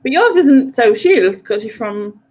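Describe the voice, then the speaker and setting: A woman with a Sunderland accent, hosting a relaxed late-night chat and laughing often. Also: on the high side, a little slow. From North East England. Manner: laughing, relaxed, uses local slang. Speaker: host. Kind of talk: casual chat. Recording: dull lo-fi sound with faint noise.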